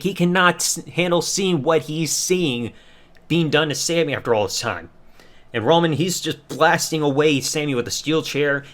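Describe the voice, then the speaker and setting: A man hosts a solo podcast review and talks through the events in an excited, animated way. His voice sits a little high. He fills his talk with casual fillers as he goes. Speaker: podcast host.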